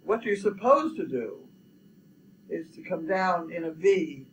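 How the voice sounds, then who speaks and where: A man's voice: animated, measured pace, highs cut off, slight background noise. An older man, musing and rambling in a casual chat about building projects and dogs. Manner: rambling, musing, low-key.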